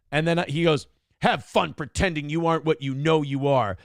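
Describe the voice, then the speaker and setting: A man's voice: fairly high pitch, fairly even intonation, moderate pace, vocal fry, no echo, clean studio sound. A man hosting a casual morning show, talking in a blunt, profane and sardonic way. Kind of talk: casual podcast chat.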